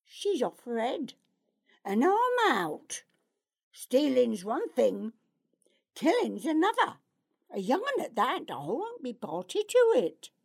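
A woman's voice: high voice, huge pitch swings, slow pace, vocal fry, husky, full character voice. Woman voicing an agitated, blunt male kidnapper. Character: male kidnapper turning on his boss. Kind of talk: audiobook character voice.

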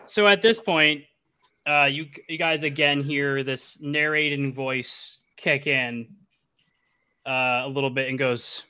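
A man's voice: medium pitch, fairly even intonation, slow pace, sharp tone, clear, resonant tone. A young man narrating as game master, talking loosely with lots of fillers and laughing easily.

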